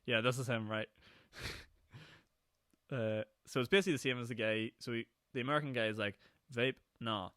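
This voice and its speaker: A young Northern Irish man hosting his own podcast, talking fast and rambling from one thing to the next with frequent laughs. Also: medium pitch, fairly bright tone, dry recording, studio quality. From Northern Ireland. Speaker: podcast host. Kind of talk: casual solo podcast chat. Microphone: podcast microphone.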